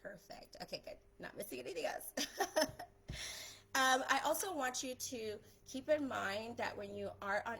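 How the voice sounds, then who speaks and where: A woman in her thirties, a photographer hosting a live stream, talking through social media tips in an excited, chatty way with lots of fillers. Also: medium pitch, creaky, low-quality recording.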